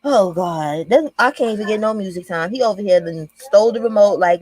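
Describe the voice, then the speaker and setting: A young woman with a mid-range, expressive voice, slightly quick and a touch mellow, hosts a laid-back commentary livestream from her home. She chats loosely and swears freely, calling her viewers "y'all," while her young child is close by.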